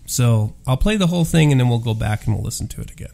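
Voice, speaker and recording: A man's voice: medium pitch, lively intonation, quick pace, creaky, warm tone. A man hosting a paranormal audio show, ranting in a profane, rambling, emphatic monologue.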